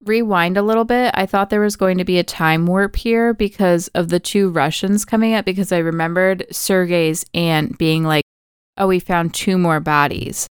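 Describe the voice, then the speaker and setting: A woman podcast co-host walks through a film plot in easygoing conversation, peppered with "like." Her voice is very smooth and clear, and sits a little low. The sound is close and dry, with no room echo. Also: fairly even intonation, moderate pace. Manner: chatty storytelling, many "like" fillers. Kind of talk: casual film recap chat.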